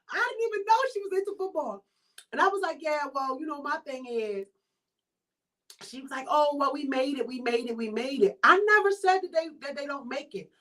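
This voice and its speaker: Woman, Baltimore accent, high voice, casual podcast chat, animated storytelling. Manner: chatty, animated storytelling with quoted asides. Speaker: podcast host.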